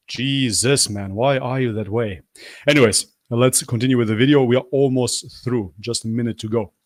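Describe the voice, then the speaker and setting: A man's voice: steady tone, moderate pace, no echo, clean studio sound. A man hosting a livestream and reacting to a video, blunt and mocking, his voice getting worn. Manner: mocks with high, whiny put-on apologies. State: losing his voice. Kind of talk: live reaction commentary.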